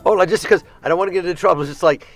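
A man, a comedian guest, in casual, animated, joking chat on a radio talk show. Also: high-pitched, rapid-fire, faint music behind.

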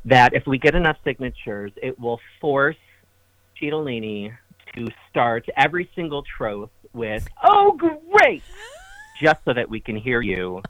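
A man calling in to a radio talk show, telling animated stories in a casual, chatty way. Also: mid-range voice, normal speed, poor audio. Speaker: caller. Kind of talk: casual call-in chat.

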